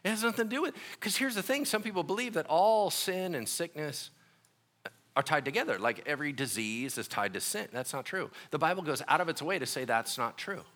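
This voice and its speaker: A man preaching a sermon as an animated, joking storyteller who often laughs at his own asides. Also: on the high side, fairly quick. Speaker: pastor.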